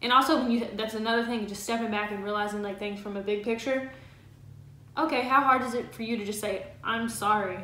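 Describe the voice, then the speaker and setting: Bright-voiced chatty woman in an echoey room. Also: a little high, steady tone, a little fast. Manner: chatty, laughs easily, filler 'like'. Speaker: co-host of a couple's channel. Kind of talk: casual advice chat.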